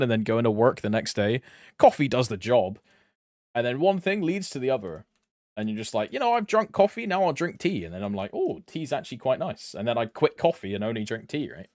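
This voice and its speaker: A man's voice: medium pitch, a little mellow, dry recording, clean studio sound. A young man from Britain chatting casually with his live-stream chat, rambling and humming between lines. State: allergies flaring up.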